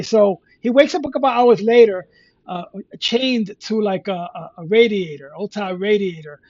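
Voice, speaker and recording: A man co-hosting a podcast, retelling a comic story in a casual, halting way with many restarts. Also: high voice, no echo, lo-fi sound. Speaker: podcast co-host.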